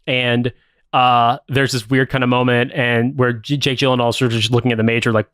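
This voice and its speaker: A man's voice: medium pitch, level tone, fairly quick, a bit bright, clear, resonant tone, no echo, studio quality. A man co-hosting a podcast, casually recapping a film plot in a rambling, profane way, with lots of "like" and "uh". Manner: rambling, profane, many fillers. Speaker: podcast co-host.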